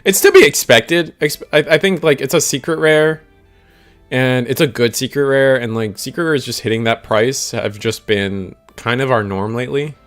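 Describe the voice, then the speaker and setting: A man's voice: mid-range voice, normal speed, fairly bright tone, soft background music. Rambling, slangy young man commentating. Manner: rambling and slangy, talks to chat. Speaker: stream host and commentator. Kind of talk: casual live commentary on a card game.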